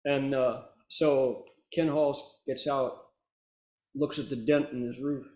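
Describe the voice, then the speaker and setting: A man, a Buddhist monk, telling a story to a meditation class in an animated way, chuckling and acting out the characters. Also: medium pitch, slow pace, highs cut off. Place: meditation hall. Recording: echoey room.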